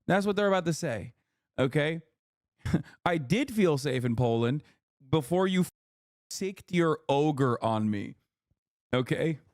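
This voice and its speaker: A man streaming live, reacting to a video with animated, sarcastic and profane commentary. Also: fairly high pitch, a little slow, long pauses, dry recording, clean studio sound.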